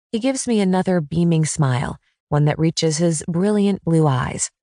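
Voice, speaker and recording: Woman narrator, low-pitched and expressive, reads a first-person audiobook, dry booth sound. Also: moderate pace, no echo.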